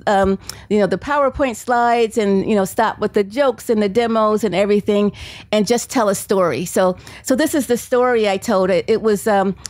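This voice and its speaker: A woman's voice: mid-range voice, darkish tone, dry recording. A woman author and psychology professor giving a storytelling book talk at a bookstore event, chatty, laughing often and acting out the quotes.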